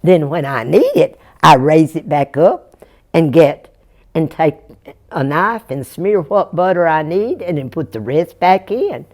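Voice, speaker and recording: A woman's voice: low voice, lively intonation, unhurried, darkish tone, full character voice. A woman playing a wise country mother with a drawl. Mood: explaining.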